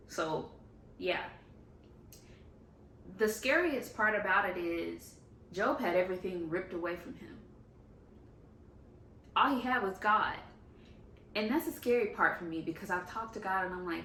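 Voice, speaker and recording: A woman's voice: mid-range voice, measured pace, long pauses, sharp tone, far from the mic, a little hiss or hum. A young woman talking candidly in a casual confessional vlog, often saying "like" as she goes. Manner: candid and talkative, uses 'like' often. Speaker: faith vlogger. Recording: echoey room, faint ambience.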